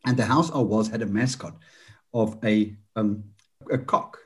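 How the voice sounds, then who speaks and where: A man's voice: lowish voice, fairly even intonation, a little slow, husky. A South African man from Johannesburg, an Afrikaans speaker, hosting a podcast and chatting with a guest in a self-deprecating, storytelling way. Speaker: podcast host. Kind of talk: podcast interview.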